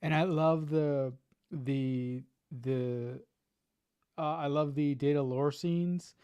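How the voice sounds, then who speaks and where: A man with a fairly high voice speaks earnestly in a casual chat. He works through his thoughts with plenty of fillers and um's, and the sound is dry and close. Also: warm tone, clean tone, no echo. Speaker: podcast guest.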